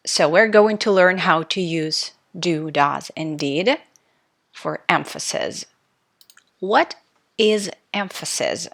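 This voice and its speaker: A woman teaching a recorded English grammar lesson, speaking clearly and stressing key words in her example sentences. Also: on the low side, fairly bright tone.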